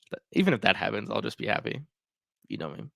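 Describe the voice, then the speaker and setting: A man's voice: fairly low pitch, gravelly, a little mellow, no room sound, studio quality. A man hosting a casual livestream, chatting and reacting to viewer comments. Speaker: livestream host.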